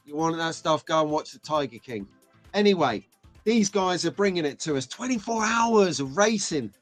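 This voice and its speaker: On a relaxed live stream, a talkative and eager middle-aged British man greets his viewers one after another at a moderate pace. His voice rides fairly high for a male, and quiet music plays beneath it.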